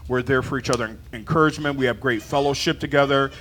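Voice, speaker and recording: A man preaching a sermon to his church, animated and laughing, acting out his talks with God. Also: mid-range voice, quick pace, a little hiss or hum. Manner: animated, acts out dialogue with God, laughs often.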